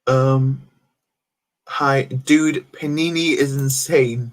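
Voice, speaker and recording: A man's voice: mid-range voice, steady tone, drawn-out words. A young man chatting casually on a live stream as he builds, reading out chat messages with many fillers and restarts. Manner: rambling, reads chat aloud, many fillers.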